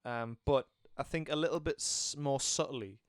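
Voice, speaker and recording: A man's voice: mid-range voice, normal speed, no echo, studio quality. A man in casual chat about a film, retelling scenes and acting out the characters' lines. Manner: animated storytelling, acting out scenes. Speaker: film reviewer.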